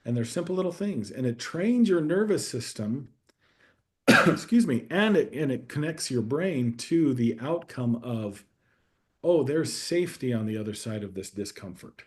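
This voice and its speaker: A man guest on a conversational podcast, sharing a personal story in a reflective, steady way that grows animated at times. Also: mid-range voice, moderate pace. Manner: reflective, warm storyteller who gets animated in anecdotes. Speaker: guest coach.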